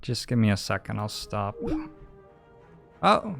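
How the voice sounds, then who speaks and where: A man's voice: mid-range voice, moderate pace, vocal fry, soft background music. A man hosting a stream, chatting in a joking, easygoing way. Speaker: host. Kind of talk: casual chat while streaming.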